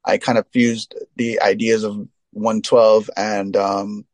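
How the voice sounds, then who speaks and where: A man from Trinidad, a reggae singer giving a relaxed interview, telling long stories packed with "you know" fillers. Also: lowish voice, slow, no room sound. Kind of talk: casual storytelling interview.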